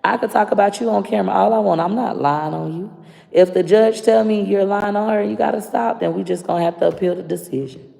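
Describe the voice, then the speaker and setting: A woman's voice: mid-range voice, a little fast, vocal fry, mellow. A woman with a Florida accent ranting bluntly and profanely to camera. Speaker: vlogger. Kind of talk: casual rant to camera. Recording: long reverb.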